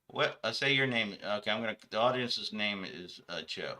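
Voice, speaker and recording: A man's voice: on the low side, animated, normal speed, hardly any pauses, bright, forceful tone. A man hosting a comedic sports talk show, rambling through his points with self-corrections. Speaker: show host.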